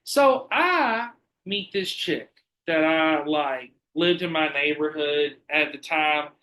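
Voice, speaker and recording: Male podcast host, bright and forceful voice, animated and profane storyteller. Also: on the high side, takes it slowly. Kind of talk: casual chat.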